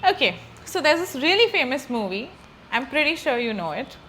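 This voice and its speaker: A woman's voice: high-pitched, very animated, brisk, sharp tone, a little hiss or hum. Upbeat woman hosting a podcast. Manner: upbeat, giggly, steers games. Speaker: podcast host. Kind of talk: casual podcast chat.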